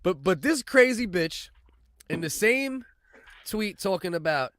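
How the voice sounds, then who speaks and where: Crude podcast co-host, bright high voice, dry close sound. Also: male voice, measured pace, no echo. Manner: profane, animated, mocking. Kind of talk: crude comedic banter.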